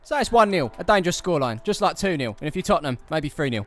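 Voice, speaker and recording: A man doing playful voice-over commentary on amateur football highlights, quick and jokey. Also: big pitch swings, noisy background. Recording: faint music behind.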